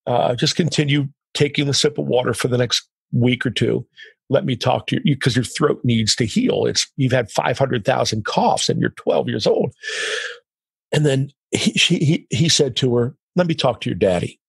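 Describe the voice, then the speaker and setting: Gravelly, husky man telling a story. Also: medium pitch, moderate pace, dry recording. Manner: animated, quotes others in dialogue. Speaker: podcast guest. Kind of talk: storytelling in conversation.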